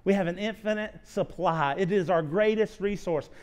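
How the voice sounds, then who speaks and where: A man's voice: high voice, normal speed, darkish tone. A man in his thirties preaching a sermon as a pastor, speaking earnestly and confessionally, often restarting and repeating his words. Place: church sanctuary.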